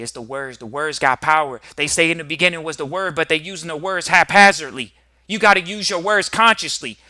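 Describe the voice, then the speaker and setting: A man's voice: medium pitch, bright, forceful tone, no echo. A man hosting a podcast, lecturing in an emphatic, repetitive way. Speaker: podcast host, trust educator. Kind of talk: preachy podcast monologue.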